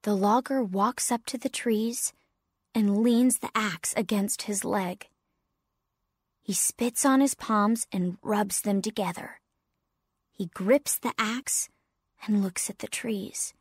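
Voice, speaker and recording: A woman narrating a story clearly and deliberately for English learners. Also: mid-range voice, dry recording, studio quality.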